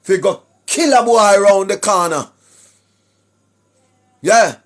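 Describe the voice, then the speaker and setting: A Jamaican man addresses his online viewers in a preachy, sing-song way, firing rhetorical questions and clearing his throat between points. His voice sits very high and sounds husky, and he takes his time over each phrase. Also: slow. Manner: sing-song rhetorical delivery, keeps asking "right?", clears throat often. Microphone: speaking straight to a camera or phone.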